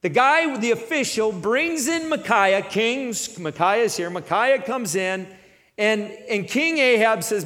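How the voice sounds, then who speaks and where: Animated, high-voiced male preacher. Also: takes it slowly, long reverb tail. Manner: animated, conversational, acts out the story. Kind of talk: sermon.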